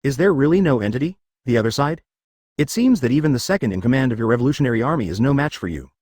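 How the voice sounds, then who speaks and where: A man's voice: mid-range voice, animated, racing, darkish tone, breathy edge, no room sound, clean studio sound. Sneering pirate man, read by a male narrator. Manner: sneering, sarcastic.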